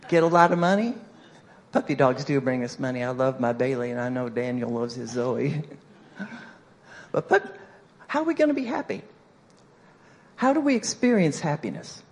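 A woman's voice: very deep voice, expressive, normal speed, long pauses. A woman speaking in church, telling a story in a sermon and acting out the quotes playfully.

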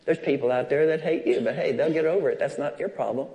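Preaching a sermon at a church service, a man with a fast, warm, somewhat high voice tells personal stories and acts out the voices and quoted dialogue in them.

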